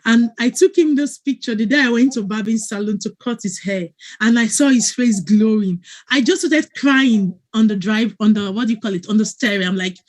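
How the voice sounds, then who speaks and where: A woman's voice: fairly high pitch, moderate pace, few pauses. A woman, a wellness coach giving an earnest, emotional testimonial on a video call and often checking that listeners follow.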